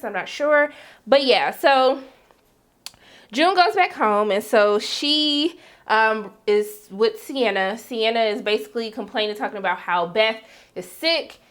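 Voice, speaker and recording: Brief: energetic woman reviewer, casual and slangy, acts out the scenes she retells. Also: medium pitch. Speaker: TV show reviewer. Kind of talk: casual episode recap.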